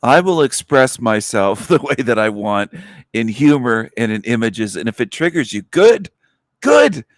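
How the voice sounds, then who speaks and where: A man's voice: mid-range voice, sing-song, a little slow, no room sound, studio quality. A man hosting a livestream in a blunt, profane angry rant, with scornful laughs scattered through it. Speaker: livestream host.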